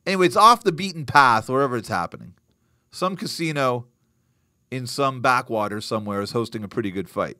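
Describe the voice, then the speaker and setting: A man's voice: mid-range voice, brisk, no echo, studio quality. A man hosting a live boxing news show, chatting casually, joking and answering viewer comments. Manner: animated, joking, reacting to live chat. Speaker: host.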